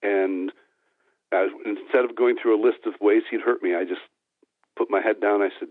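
A man's voice: fairly low pitch, fairly even intonation, normal speed, no echo. A man giving an earnest personal testimony as an interview guest, telling it step by step with frequent restarts. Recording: tinny phone-like dry sound.

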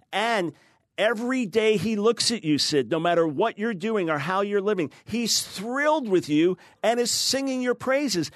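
Man, emphatic author guest, slightly high voice, dry close sound. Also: no room sound. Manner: emphatic, fast explaining, acts out quoted voices. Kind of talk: teaching in a TV interview.

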